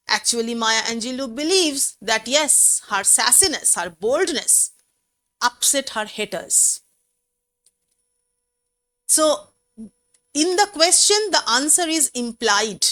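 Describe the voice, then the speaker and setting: A woman teacher with an Indian English accent talks through a poem in a high, bright voice that swings widely up and down. She explains slowly and repeats phrases for emphasis. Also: sing-song. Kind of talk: classroom poetry lesson.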